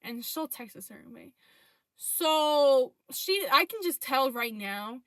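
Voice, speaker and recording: Young woman, storytime vlog, cursing, animated, fairly high voice, dry sound. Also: slow, dry recording. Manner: profane, animated retelling of texts.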